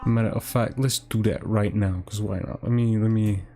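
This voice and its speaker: A man live-streaming a game, chatting casually, thinking out loud, swearing and repeating himself. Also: lowish voice, fairly even intonation, normal speed, very noisy. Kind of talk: casual live-stream chat while gaming. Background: game music.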